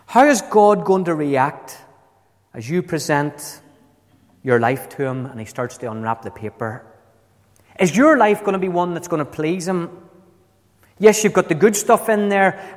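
Man preaching in a reverberant hall. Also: mid-range voice. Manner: dramatic, slows for quoted lines. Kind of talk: sermon.

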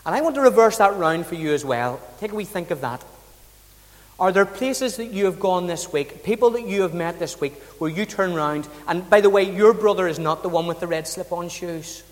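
Irish preacher in an echoing hall. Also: male voice, sits high, animated, normal speed. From south of Ireland. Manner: storytelling, conversational with rhetorical questions. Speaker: pastor. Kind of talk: sermon.

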